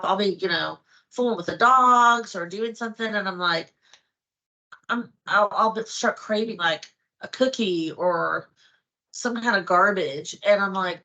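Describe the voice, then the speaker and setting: A middle-aged woman with a bright, clear voice chats casually as a guest. She is a lively storyteller who acts out her own thoughts as she talks. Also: medium pitch, a little slow. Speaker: host's wife, guest. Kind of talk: casual chat.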